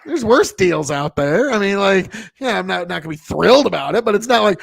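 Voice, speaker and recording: A man's voice: sits high, animated, fairly quick, creaky, few pauses, breathy edge, dry recording. A man co-hosting a comedic podcast, rambling wryly with many fillers. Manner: rambling, wry, filler-heavy. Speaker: podcast co-host.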